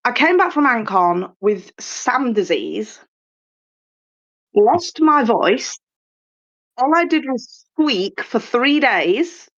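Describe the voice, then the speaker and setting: A woman's voice: a little high, very animated, slow, fairly bright tone. A woman guest on a podcast chatting casually and self-deprecatingly, with many ums. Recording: slightly muffled lo-fi sound.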